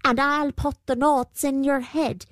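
A woman's voice: high voice, steady tone, unhurried, no echo, clean studio sound, pitched above the performer's own voice. A woman voicing a menacing male horned fairy creature in a spoken storybook, snarling and commanding.

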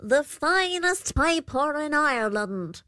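A woman's voice: high-pitched, sing-song, slow pace, sharp tone, no room sound, clean studio sound, voice pushed up, exaggerated voice. A woman voicing a menacing male horned fairy creature in a spoken storybook, snarling and commanding. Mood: sly.

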